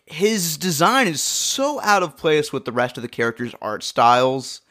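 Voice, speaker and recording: A podcast co-host in casual chat, giving thoughtful, measured commentary. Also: mid-range voice, big pitch swings, sharp tone.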